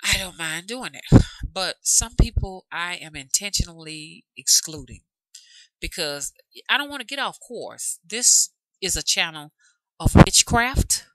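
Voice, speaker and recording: A woman's voice: on the low side, lively intonation, measured pace, bright, forceful tone, dry recording, poor audio. A woman from Alabama with a Southern drawl, chatting casually and rambling to her channel viewers as its host. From Alabama, USA. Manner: chatty, rambling, calls viewers y'all and love. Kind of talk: casual chat to camera.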